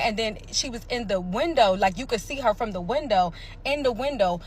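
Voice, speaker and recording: A woman from Pennsylvania telling her own story in a casual vlog, emphatic and animated, repeating phrases and acting out sounds. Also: on the high side, brisk, a little hiss or hum. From Pennsylvania, USA.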